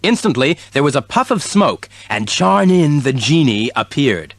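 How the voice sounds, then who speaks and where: A man's voice: mid-range voice, sing-song, moderate pace, no room sound. A man reading a children's storybook aloud as narrator. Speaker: audiobook reader.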